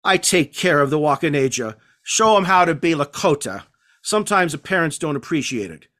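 A man voicing a hulking, crude middle-aged male bully who talks in a gruff, dismissive and profane way, read aloud from a novel. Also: a little high, expressive, normal speed, fairly bright tone. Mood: defensive.

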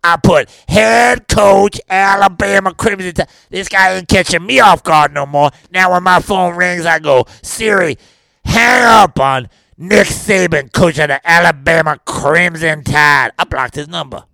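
A man's voice: high-pitched, a little slow, no echo, exaggerated voice. A man impersonating a brash, boastful football coach. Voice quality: gravelly, raspy. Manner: brash, boastful, rambling with bursts of shouting. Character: gravelly Cajun football coach, brash and rowdy. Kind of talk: comedic impression in a mock interview.

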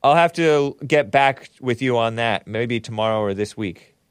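A man with a mid-range voice and clean tone talks at a normal speed, recorded in clean studio sound with no echo. He hosts a casual solo talk show, reading super chats and rambling sardonically, laughing at his own jokes and spelling words out letter by letter.

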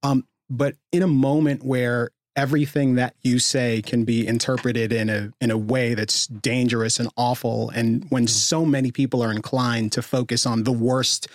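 A man's voice: mid-range voice, moderate pace, hardly any pauses, no echo, studio quality. A man co-hosting a casual panel discussion, earnest and expansive, building long arguments. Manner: earnest, expansive, animated rises. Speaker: podcast co-host.

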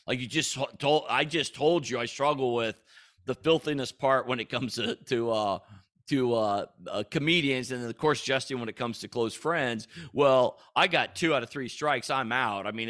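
A man's voice: medium pitch, normal speed. A man hosting a Christian podcast, talking casually and earnestly in a rambling way, with frequent restarts and bursts of animation. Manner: rambling, repeats himself and restarts, with animated bursts when quoting God. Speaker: podcast host.

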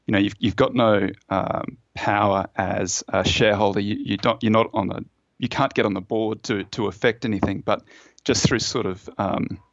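This lowish, creaky-voiced man speaks at a moderate pace with fairly even intonation. He's a podcast guest, an author and fund manager, giving long conversational explanations and stories full of fillers and restarts. The audio is dull, with no room sound.

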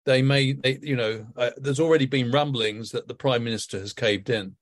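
A man giving political commentary as a podcast guest, measured and hedging his points. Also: medium pitch. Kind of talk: political commentary in casual chat.

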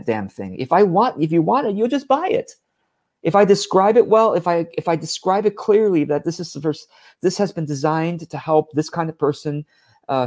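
A man's voice: high voice, darkish tone. A man giving a direct-to-camera business talk in a blunt, exasperated, emphatic manner. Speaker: business coach.

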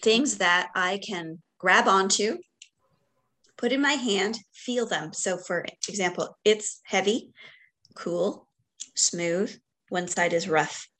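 A middle-aged woman talks as a podcast guest in casual conversation. Her voice sits at a moderate pitch. She is reflective and warm, pausing on fillers and breaking into light laughter.

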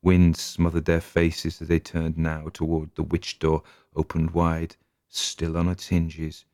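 A male narrator reads a spooky story in a very deep, gravelly voice, measured and atmospheric. The recording is close and dry, with no room echo. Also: monotone, a little mellow. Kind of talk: audiobook reading.

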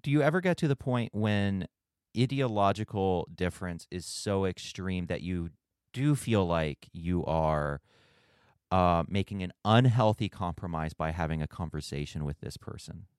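A man's voice: low voice, normal speed, darkish tone, clear, resonant tone, no echo, studio quality. A man hosting a podcast interview, speaking in a reflective, hesitant way and often restarting his phrases. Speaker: podcast host. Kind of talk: conversational interview.

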